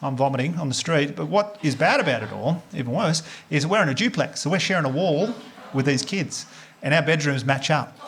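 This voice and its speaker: Deadpan Australian comedian on a club stage. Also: male voice, a little high, fairly quick. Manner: deadpan, dry storytelling with crude punchlines. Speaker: stand-up comedian. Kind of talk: stand-up comedy set. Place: comedy club stage before a live audience. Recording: loud audience laughter and noise.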